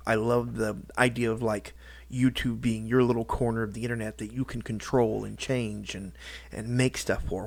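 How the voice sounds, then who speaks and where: A man's voice: on the low side, gravelly, dry recording. Rambling man with dry sound. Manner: halting, many restarts and fillers. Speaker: YouTuber. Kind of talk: rambling personal vlog talk.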